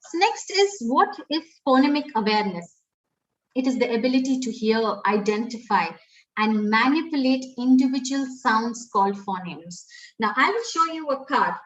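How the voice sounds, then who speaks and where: A fairly high-voiced woman with an Indian English accent speaks from a little way off the microphone, and her audio is dull. She teaches step by step in a webinar and often restarts with "uh" and "um.". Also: animated, normal speed, distant mic. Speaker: pre-primary educator giving a webinar. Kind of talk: webinar talk.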